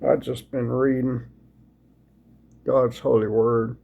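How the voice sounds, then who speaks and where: Sleepy man, husky voice, folksy rambling scripture reader. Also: mid-range voice, flat delivery, warm tone, highs cut off. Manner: slow, folksy, rambling with restarts. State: sleepy, yawning. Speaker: video host sharing scripture. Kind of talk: casual devotional talk and Bible reading.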